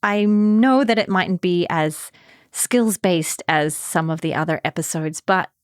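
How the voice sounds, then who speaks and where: A woman's voice: on the low side, a little slow, clear, resonant tone, dry recording, clean studio sound. A woman hosting a podcast, telling a personal story in a candid, emotional way. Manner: candid and emotional, often laughing. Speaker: podcast host.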